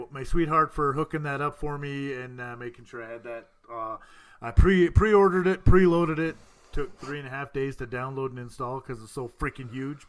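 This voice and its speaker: A man's voice: medium pitch, fairly bright tone. A man hosting a casual podcast chat, rambling and stumbling over his words, laughing often. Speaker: podcast host.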